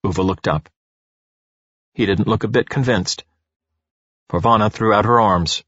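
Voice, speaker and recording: A man narrating an audiobook in an expressive storytelling way. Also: lowish voice, a little slow, slightly rough, dry recording. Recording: dull lo-fi recording.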